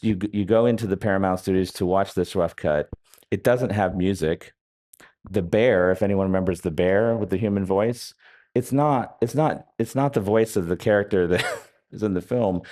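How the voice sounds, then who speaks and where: A very low-pitched man speaks on a festival stage in front of an audience. He tells long, wry stories that wander, full of pauses and small restarts, in an easygoing interview tone. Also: darkish tone. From United States. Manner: wry, rambling anecdotes with many hesitations. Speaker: author being interviewed. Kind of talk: live onstage interview.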